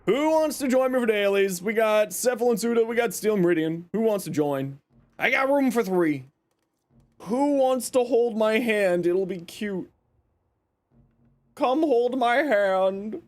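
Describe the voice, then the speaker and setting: Male streamer, high voice, very lively pitch, upbeat, playfully sarcastic, casual chat. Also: a little slow. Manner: upbeat, greets chat by name. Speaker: game streamer.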